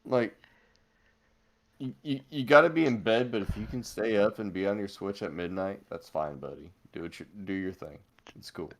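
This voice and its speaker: A man's voice: fairly low pitch, normal speed, gravelly. Easygoing man telling a family story. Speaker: stream guest, father. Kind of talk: casual late-night chat.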